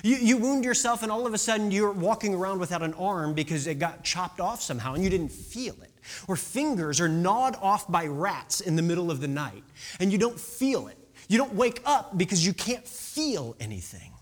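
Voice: medium pitch, expressive, moderate pace. A preacher giving a conversational sermon, asking rhetorical questions and sometimes dropping to a whisper for emphasis.

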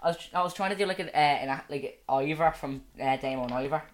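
A woman with a Dublin accent chats casually as a podcast co-host. Her voice sits low, and she talks loosely with plenty of fillers. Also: a little fast, a little hiss or hum. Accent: Dublin Irish. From Dublin, Ireland. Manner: chatty, with many fillers and playful accent attempts. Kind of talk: casual chat.

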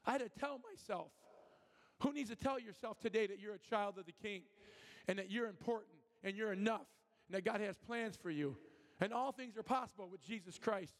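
Male preacher, high-pitched, fervent and rousing, in a church sanctuary with a long reverb tail. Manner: fervent, rousing, asks the congregation questions. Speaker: guest preacher. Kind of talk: sermon.

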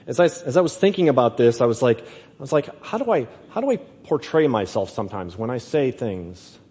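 Slow, emphatic male preacher in a hall. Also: mid-range voice, big pitch swings, mellow, slightly rough. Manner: slow emphatic delivery, repeats words. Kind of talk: sermon.

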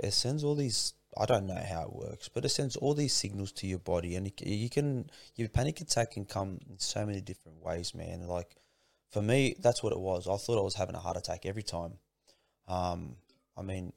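A man with a low, gravelly voice talks as a podcast guest. He speaks earnestly and informally, stumbles over repeated words as he tells his story, and the sound is close and dry. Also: dry recording. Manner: earnest, repeats words and restarts often, says "man" and "bro". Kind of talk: casual heartfelt interview.

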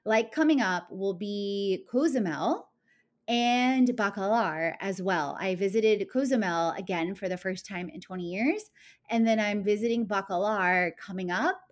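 A woman's voice: medium pitch, unhurried. A woman travel vlogger running through a numbered list of trips in an upbeat, enthusiastic way, now and then correcting herself. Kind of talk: travel list vlog narration.

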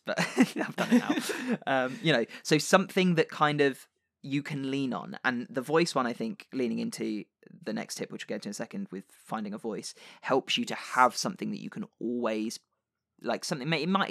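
Dude chatting about tabletop rp, low and gravelly, super dry sound. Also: male voice, a bit bright, no echo. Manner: chatty, gives tips with frequent fillers. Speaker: podcast co-host. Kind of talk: casual chat about tabletop role-play.

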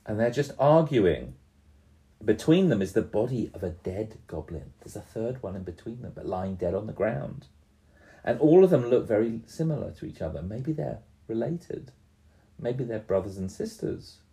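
A man in his fifties acts as game master for a young girl's tabletop game, narrating slowly and gently yet very animatedly. His pitch is fairly low, and he regularly pauses to ask her questions.

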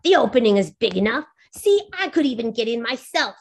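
A wicked old witch from a storybook, greedy and cruel, played by a woman with a fairly high voice. She talks slowly and draws out her words with menace. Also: very animated, vocal fry, exaggerated voice. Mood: harsh. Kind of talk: storybook reading.

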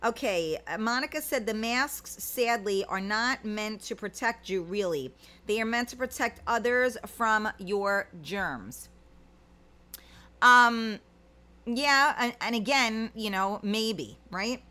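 A woman's voice: a little high, expressive, slow pace, bright, forceful tone. A middle-aged woman, chatting casually as a livestream host and reading out viewer comments, rambling with many fillers.

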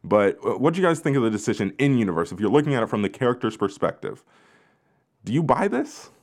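A man's voice: mid-range voice, big pitch swings, fast talker, darkish tone. A man hosting a casual discussion, rambling with lots of fillers and restarts while he moderates. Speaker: podcast host.

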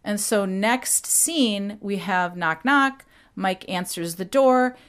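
A woman hosting a podcast, retelling a story casually with animated, quick impressions. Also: mid-range voice. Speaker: podcast host.

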